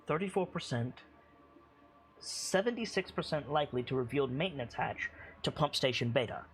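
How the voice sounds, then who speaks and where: A man's voice: mid-range voice, animated, normal speed, a bit bright, slight background noise. A man doing a clipped computer custodian voice. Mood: robotic. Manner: clipped machine-like status reports.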